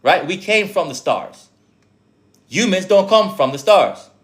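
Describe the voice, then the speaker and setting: A man's voice: high voice, animated, unhurried, fairly bright tone. A man with an accent preaching casually to viewers as a spiritual teacher, profane and streetwise, firing off rhetorical questions. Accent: speaks with an accent.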